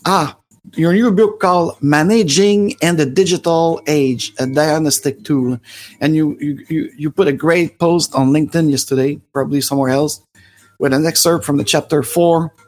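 A fairly high-pitched, steady voice at normal speed belongs to a French-Canadian livestream host in his forties. His Quebec French accent comes through as he rambles, often using fillers and restarting sentences.

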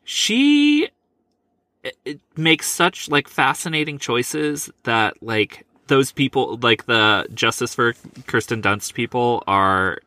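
A man's voice: mid-range voice, slow, hardly any pauses, bright, forceful tone, no echo. A man co-hosting a casual film podcast, thinking aloud hesitantly with many ums. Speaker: podcast co-host.

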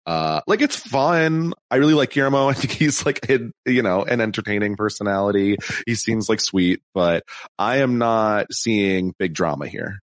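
An easygoing man co-hosting a podcast, with a lowish voice. He laughs often and fills his talk with "like." The sound is close and dry. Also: expressive, normal speed, no echo. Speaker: podcast co-host. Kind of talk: casual chat.

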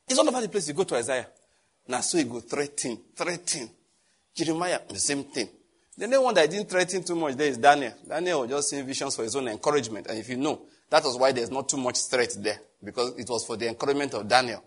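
A man's voice: medium pitch, fast talker, husky. A middle-aged man preaching a sermon, telling stories and acting out the people in them. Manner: animated storytelling, acts out quoted exchanges. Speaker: pastor.

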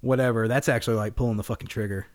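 Man, podcast co-host, quick pace, rambling, profane, casual film chat. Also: mid-range voice. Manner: rambling, profane, animated retellings of scenes.

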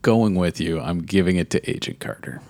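Deep-voiced man podcast co-host, dry sound. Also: moderate pace, darkish tone, dry recording. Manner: dry, playful, announces categories. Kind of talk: casual chat.

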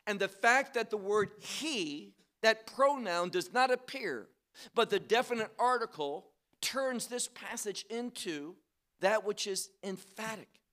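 Man, high-pitched, unhurried conference Bible teacher; emphatic and questioning, sharp shifts in loudness. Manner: emphatic, rhetorical questions, slow deliberate phrasing; wide swings between soft and loud.

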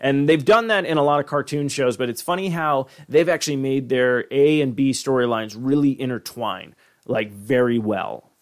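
A man's voice: mid-range voice, normal speed. A man hosting a podcast in casual chat, rambling with many restarts and swearing freely. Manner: rambling, profane, frequent restarts. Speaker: podcast host.

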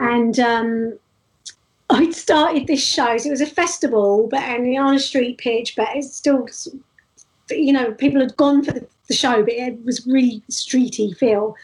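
A high-voiced woman recounts her street-show stories in a loose, chatty way. She jumps between thoughts, restarts her sentences and keeps the anecdotes lively. The voice sits well above the usual range for women. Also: a little slow. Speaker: street performer guest. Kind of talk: casual interview storytelling.

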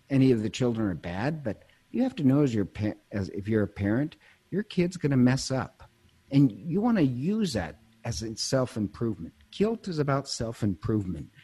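Sing-song and warm, his medium-pitched voice carries a slight roughness at normal speed. The man is a priest chatting casually, storytelling, interrupting himself mid-sentence and laughing easily.

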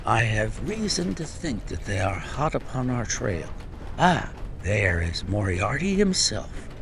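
A man reading a calm, clever detective who speaks in a dry, wry, brisk way in a storybook. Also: lowish voice, creaky, slight background noise, exaggerated voice. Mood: hushed. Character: calm clever male detective in his prime.

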